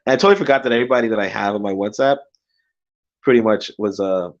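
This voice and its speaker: A man's voice: on the low side, lively intonation, quick pace, muffled recording. A man telling a story to his viewers in a casual rant, agitated and full of profanity and filler words. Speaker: vlogger.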